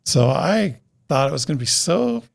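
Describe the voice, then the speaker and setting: A man's voice: fairly high pitch, very animated, normal speed, gravelly. A middle-aged man, a podcast guest, telling a long story in casual conversation, rambling along and acting out what everyone said. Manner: rambling, re-enacts conversations by quoting others.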